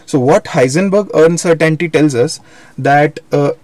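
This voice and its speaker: Young male tutor, slightly high voice, dry close sound, patient explanatory delivery. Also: measured pace, darkish tone, dry recording. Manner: explanatory, repeats and self-corrects. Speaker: physics teacher. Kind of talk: live online lecture.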